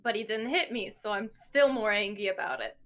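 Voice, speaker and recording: A woman playing a tabletop game, talking in a halting, self-deprecating way and stumbling over her numbers. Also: mid-range voice. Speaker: player. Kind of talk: casual tabletop game play.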